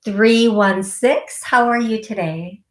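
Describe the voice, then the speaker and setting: A woman with a mid-range voice speaks slowly in an echoey room. She hosts a call-in psychic radio show, giving readings packed with repeated, blunt warnings and bursts of giggling.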